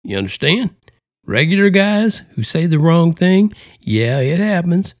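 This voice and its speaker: A man's voice: fairly high pitch, big pitch swings, a little slow, no room sound, clean studio sound. A man hosting a podcast, talking in a folksy, rambling and joking way with a put-on Southern drawl. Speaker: podcast host. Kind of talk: folksy casual monologue.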